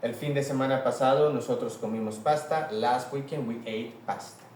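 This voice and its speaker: A man's voice: mid-range voice, brisk, a little mellow, a little hiss or hum. A man teaching a recorded grammar lesson, spelling words out letter by letter and praising with "very good.". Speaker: Spanish teacher. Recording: echoey room, voice from a distance.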